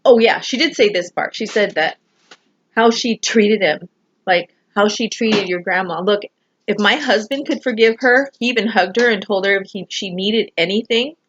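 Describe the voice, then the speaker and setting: A woman's voice: mid-range voice, moderate pace, a bit bright, highs cut off, slight background noise. A woman vlogger talking to camera about family and people, rambling and emotional, with many fillers. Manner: rambling, emotional, full of fillers like "you know". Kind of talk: personal talk to camera.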